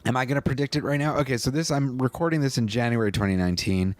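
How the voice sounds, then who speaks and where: A man's voice: mid-range voice, racing. A male comedian giving a casual, rambling commentary, often breaking off mid-sentence to tell stories. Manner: rambling, self-interrupting, anecdotal.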